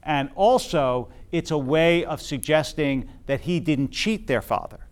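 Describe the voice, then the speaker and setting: A man's voice: on the high side, a little slow, clean tone. A man teaching a Bible class to a live group, thinking aloud with frequent fillers and restarts and often checking in with his listeners.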